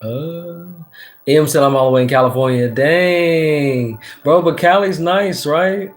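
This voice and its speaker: A man from Texas, casually chatting on a livestream as a tarot reader. He reads comments aloud, uses slang, swears freely and gives a lot of shout-outs. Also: a little high, slow, faint music behind.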